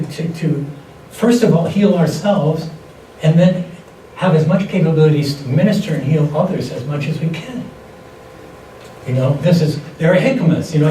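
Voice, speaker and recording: Older male seminar speaker, slightly high voice, anecdotal and conversational; distant mic in an echoey room. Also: a little mellow. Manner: conversational, anecdotal teaching with frequent restarts. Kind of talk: lecture on holistic health. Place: lecture hall. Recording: echoey hall, distant mic, faint noise.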